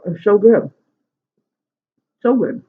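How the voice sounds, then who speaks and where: In a slow, husky, high-pitched voice, a mukbang vlogger chats animatedly while eating on camera at his home dinner table. He spins a long, rambling story, recorded with muffled lo-fi sound.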